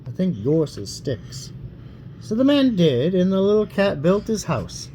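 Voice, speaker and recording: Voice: medium pitch, very animated, unhurried, warm tone, a little hiss or hum. An adult reading a fairy tale aloud to a child at home, in a playful, teasing storytelling manner. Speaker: bedtime story reader.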